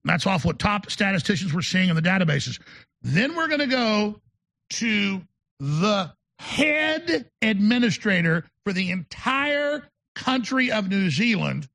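High gravelly guy hosting a talk show, ranting, husky, keeps repeating himself. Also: big pitch swings, a little slow, bright, forceful tone. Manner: emphatic, rambling, repeats words. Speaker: show host. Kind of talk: talk radio monologue.

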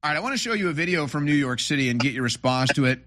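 A man's voice: on the high side, lively intonation, very fast, fairly bright tone, no room sound. Rambling, opinionated male host. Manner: rambling, opinionated, frequent restarts. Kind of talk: casual interview talk.

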